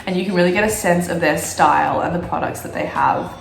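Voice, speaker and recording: A woman from Australia, croaky from a cold, chatting casually to camera as a vlogger with lots of fillers. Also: on the low side, quick pace, reverberant. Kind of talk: casual chat.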